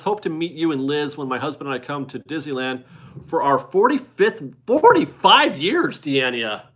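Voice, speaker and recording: A man's voice: on the high side, pushed and bright. A man in his forties hosting a casual live stream from his garage, chatty and upbeat as he reads viewer donations aloud and laughs often. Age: 40s. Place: home garage.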